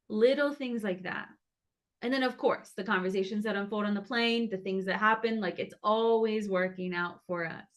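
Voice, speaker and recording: A woman's voice: medium pitch, normal speed. A woman who founded a cacao brand, casually and earnestly sharing a spiritual story with her online community from a hotel room, full of "like"s and restarts. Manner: earnest, emotional, many "like"s and restarts.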